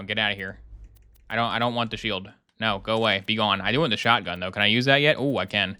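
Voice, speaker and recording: A young man running live gameplay commentary, talking loosely to his chat and cracking jokes between fights. His voice is bright and forward, with a mid pitch. Faint music plays in the background. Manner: chatty, joking, talks to chat while playing. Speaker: streamer.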